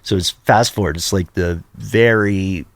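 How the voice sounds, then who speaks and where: A middle-aged man telling a personal travel story on a podcast, lively and self-mocking, jumping high in pitch when he quotes people. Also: measured pace, dry recording, studio quality. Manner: animated, jumps high for quoted voices. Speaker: podcast guest. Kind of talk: casual storytelling.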